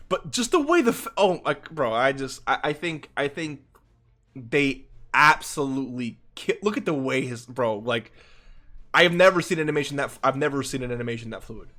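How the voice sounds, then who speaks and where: A young man giving excited reaction commentary on game animations, gushing and restarting his sentences, calling the viewer dude and bro. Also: mid-range voice, moderate pace. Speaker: gaming YouTuber.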